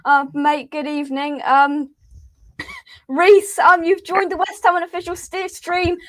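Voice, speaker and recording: A woman's voice: extremely high pitch, little pitch movement, unhurried, a bit bright. A woman hosting a live stream, giggling as she reads out chat comments. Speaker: host.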